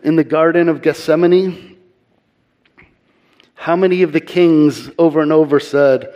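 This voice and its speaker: A man giving earnest sermon-style Bible teaching, slowing and softening his voice for emphasis. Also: fairly high pitch, fairly even intonation, dull audio.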